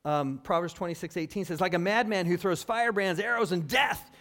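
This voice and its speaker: A man preaching a sermon in a lively, conversational way, asking his listeners questions and acting out what people say. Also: sits high, fairly quick. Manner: lively, conversational, acts out quoted speech; asks the audience questions. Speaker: pastor.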